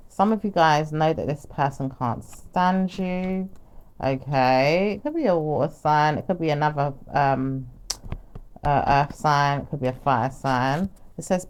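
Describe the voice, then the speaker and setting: A woman's voice: low voice, lively intonation, a little slow. A woman reading tarot cards on her own, rambling as she speaks channeled messages in the first person. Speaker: tarot reader.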